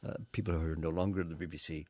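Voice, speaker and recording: A man's voice: rumbling low, fairly even intonation, rapid-fire, darkish tone, no room sound. An older man, a radio presenter chatting and telling stories in a rambling way, often repeating "you see". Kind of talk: casual chat.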